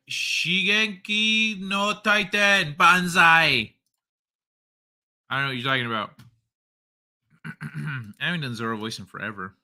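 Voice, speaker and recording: A man's voice: mid-range voice, bright, forceful tone. A man hosting a casual late-night stream, chatting loosely and swearing while reading chat aloud. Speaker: streamer host.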